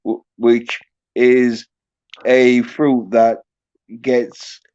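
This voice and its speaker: Brief: slow, halting male streamer, casual swearing, muffled lo-fi sound. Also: medium pitch, flat delivery, a little mellow. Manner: halting, profane, joking. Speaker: host. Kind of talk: casual livestream chat. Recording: muffled lo-fi audio.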